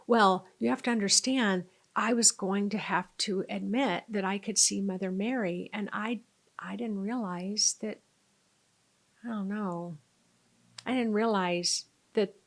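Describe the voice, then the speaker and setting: A woman who works as a spiritual healer and was once a nurse, telling a story to camera. She talks with animation, acts out quoted lines and sometimes drops to a near whisper. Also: mid-range voice.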